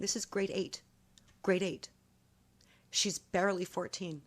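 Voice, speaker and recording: A woman's voice: medium pitch, fairly even intonation, measured pace. A woman in a casual vlog, telling a long story in an emphatic, accusatory way, often repeating her points. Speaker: vlogger.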